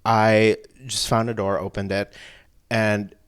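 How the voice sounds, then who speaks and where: A man telling a personal story in casual chat, animated and breaking into laughs. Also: on the low side, slow pace, smooth. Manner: animated, laughs between lines, rising into excited outbursts. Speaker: podcast guest telling a story.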